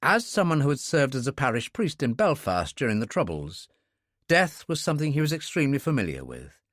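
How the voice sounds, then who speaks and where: A man narrating a thriller audiobook in a steady, measured storytelling manner. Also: mid-range voice, no echo, clean studio sound. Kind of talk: scripted narration.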